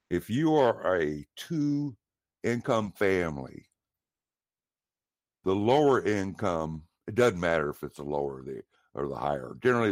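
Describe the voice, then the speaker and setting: A male caller with a very deep voice that rises and falls widely. He speaks slowly and earnestly, and the recording is dry and close. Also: dry recording. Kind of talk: call-in show talk.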